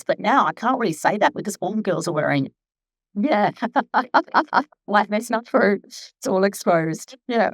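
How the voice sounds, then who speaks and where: A woman's voice: medium pitch, lively intonation, normal speed, no echo. A chatty woman in her fifties, a skin therapist talking casually at a live event, rambling with many asides. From Australia. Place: clinic event room.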